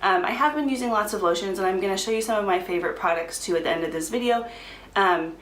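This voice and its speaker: A young woman vlogging casually, chatty and quick to laugh, with frequent ums. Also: medium pitch, fairly bright tone, roomy sound, poor audio. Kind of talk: casual pregnancy update vlog.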